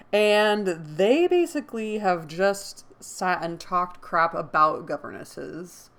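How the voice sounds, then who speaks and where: An American woman chats casually as she sums up a novel for her listeners. Her voice sits a little low for a woman, and her opinions come out blunt and lively, with the odd mild swear word. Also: clear, resonant tone. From United States. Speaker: host and book reader. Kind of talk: casual chat recapping a novel.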